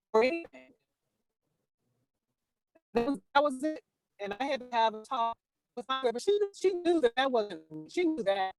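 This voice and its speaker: Earnest woman on a choppy call. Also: high-pitched. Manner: earnest, halting with restarts. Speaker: caller sharing a story. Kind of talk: personal story told over a video call. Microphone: video call.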